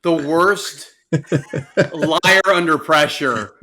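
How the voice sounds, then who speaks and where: A young man co-hosting a podcast, giggly and excitable, acting out voices as he retells memories. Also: a little high, extremely slow. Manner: giggly, excitable, acts out voices while laughing. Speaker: podcast co-host. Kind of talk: casual chat.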